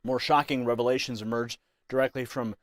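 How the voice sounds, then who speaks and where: A man's voice: mid-range voice, steady tone, brisk, dry recording, clean studio sound. A man presenting scripted news commentary with a dramatic, emphatic delivery.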